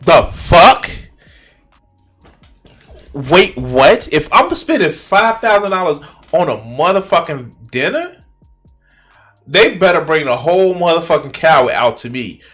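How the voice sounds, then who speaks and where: A man's voice: a little high, sing-song, takes it slowly, pauses often, fairly bright tone, soft background music. A man streaming and reacting to a video in casual, profane, incredulous commentary.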